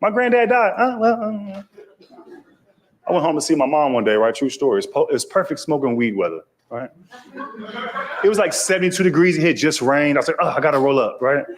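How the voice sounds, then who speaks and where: A man's voice: mid-range voice, fast talker, background noise. A man from Texas with a Texas accent, telling a stand-up comedy story and acting out the voices of other people.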